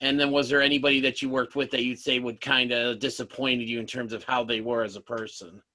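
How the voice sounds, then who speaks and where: Bright-voiced polite male host. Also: mid-range voice, level tone, a little fast. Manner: polite, apologizes for interrupting. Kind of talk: casual interview.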